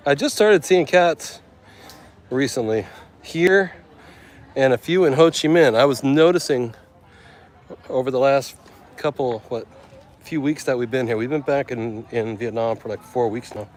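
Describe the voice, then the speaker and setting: A man's voice: medium pitch, unhurried, pauses often, poor audio. A man walking through a seaside town outdoors, chatting casually and joking for his travel vlog. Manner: joking, chatty, thinking aloud. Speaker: travel vlogger.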